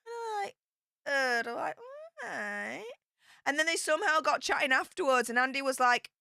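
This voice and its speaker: Young woman streamer, chatty and excitable; bright, fairly high voice, dry close sound. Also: no echo. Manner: chatty and excitable, with bursts of squealing. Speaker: YouTube streamer. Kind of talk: casual livestream storytelling.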